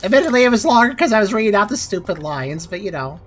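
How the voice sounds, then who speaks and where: Woman with a lively, sarcastic voice. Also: mid-range voice, quick pace. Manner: sarcastic, critical. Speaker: let's play host. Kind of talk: casual gameplay commentary.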